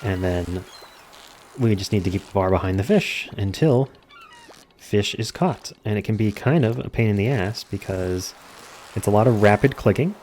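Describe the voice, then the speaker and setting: A man giving casual let's-play commentary, calmly explaining game mechanics step by step. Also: lowish voice, normal speed, a little hiss or hum. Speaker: gameplay commentator.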